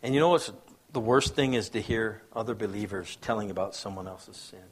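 A man preaching a sermon as pastor, telling stories, acting out quoted voices and asking the crowd if they follow. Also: a little fast. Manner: storytelling preacher, acts out quoted voices, asks the crowd questions; swings between hushed low asides and loud raised bursts.

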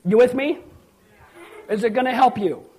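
A man's voice: very high-pitched, moderate pace, mellow. A middle-aged man preaching a sermon as pastor, telling personal stories and acting out the voices in them, building to emphatic peaks. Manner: storytelling preacher, acts out quotes, rises to emphatic peaks.

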